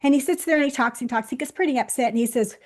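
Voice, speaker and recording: A woman in her sixties, a guest on the show, telling a personal story straight to viewers, swinging between loud bursts and hushed moments. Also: high-pitched, very fast. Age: 60s. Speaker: interview guest.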